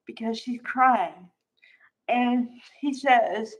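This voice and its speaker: A woman's voice: fairly high pitch, fairly even intonation, slow pace, muffled recording. A woman casually recapping a soap opera episode, chatty and exclamatory, acting out the characters' lines. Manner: chatty, exclamatory, acts out quotes.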